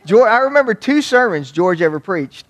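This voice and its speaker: A man's voice: high voice, normal speed, muffled recording. A man from Waco, giving a humorous storytelling talk on youth ministry to an audience. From Waco, Texas. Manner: folksy, joking, animated.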